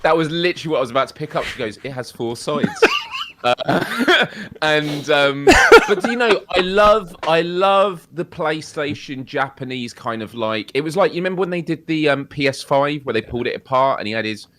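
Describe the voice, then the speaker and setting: A man's voice: on the high side, fairly quick, slight background noise. A man co-hosting a podcast, telling rambling stories with frequent laughter. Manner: rambling, laughs often, animated storytelling. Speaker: podcast co-host. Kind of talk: casual chat.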